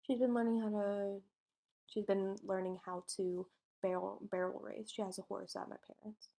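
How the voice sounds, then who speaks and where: A woman's voice: mid-range voice, flat delivery, normal speed, gravelly, warm tone. A woman co-hosting a podcast, casually retelling a true-crime case and acting out its dialogue in informal speech. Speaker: podcast co-host telling a case.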